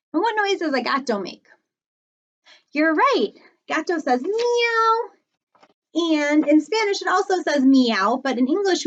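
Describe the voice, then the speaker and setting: A woman librarian teaching small children animal words, slow and encouraging, with cheerful praise. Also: sits high, dull audio.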